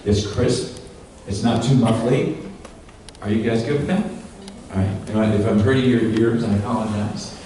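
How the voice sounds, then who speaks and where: A man's voice: fairly low pitch, normal speed, long pauses, dark tone, a little hiss or hum. A man presenting live to a seminar audience, folksy and instructive, talking through a handheld microphone over a PA while directing the sound tech. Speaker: presenter at a sales training event. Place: large echoing hall with an audience. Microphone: cordless handheld microphone over a PA. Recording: echoey hall recorded from far off.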